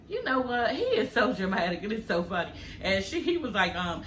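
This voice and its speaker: A woman doing an animated, profane, laughing recap of a reality show in casual chat. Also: medium pitch, fairly quick, few pauses, roomy sound, a little hiss or hum. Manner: animated, cussing, laughing often.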